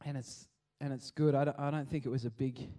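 A man giving a chatty, animated sermon and acting out the scenes he tells. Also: medium pitch, brisk, far from the mic. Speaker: preacher. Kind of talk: casual sermon.

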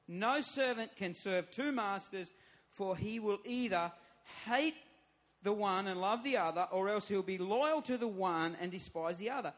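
A man's voice: high-pitched, animated, unhurried, a bit bright. A man, a church pastor, preaching a sermon, emphatic and repeating his phrases as he builds to raised appeals.

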